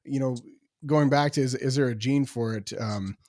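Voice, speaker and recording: A man's voice: mid-range voice, normal speed, a little mellow, dry recording. Male podcast host, casual and affirming, rambling questions, dry close sound. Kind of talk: casual interview chat.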